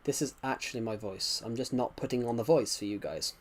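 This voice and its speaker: A young man streaming a game, talking in a soft, quiet, subdued voice as he chats casually. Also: medium pitch, a little fast. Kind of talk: casual gameplay commentary.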